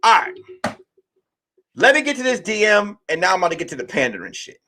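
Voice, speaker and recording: A man in his late thirties hosting a casual monologue for his listeners, telling stories in a loose, animated way and swearing freely. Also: sits high, a little fast. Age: late 30s. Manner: profane, animated storytelling. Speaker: podcast host.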